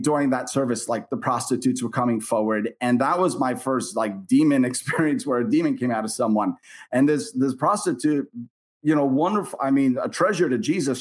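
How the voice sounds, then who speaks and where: A middle-aged man, a minister as interview guest, telling his story in an earnest, animated way and acting out the voices of people in it. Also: medium pitch.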